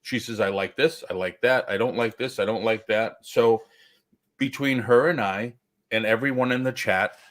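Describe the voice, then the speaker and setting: Male livestream host, lowish voice, loose and halting, lots of "um"s. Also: fairly bright tone. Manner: halting, many fillers and restarts. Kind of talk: casual livestream chat.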